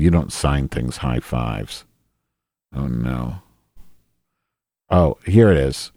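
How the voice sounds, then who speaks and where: A man's voice: rumbling low, lively intonation, takes it slowly, long pauses, darkish tone, husky, no room sound, studio quality. A man hosting a solo podcast in a rambling, profane, self-deprecating monologue. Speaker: podcast host.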